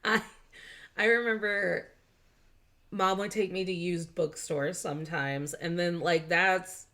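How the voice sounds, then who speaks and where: A woman's voice: fairly low pitch, slow. A young adult woman hosting a podcast, chatting casually and telling stories with lots of laughter and acted-out quotes. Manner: animated storyteller, acts out quotes, laughs often. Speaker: podcast host. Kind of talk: casual chat.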